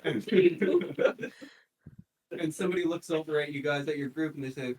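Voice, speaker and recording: A game master narrating a tabletop game, telling the story in a lively way and laughing often. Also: medium pitch, moderate pace, long pauses. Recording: distant mic, faint noise.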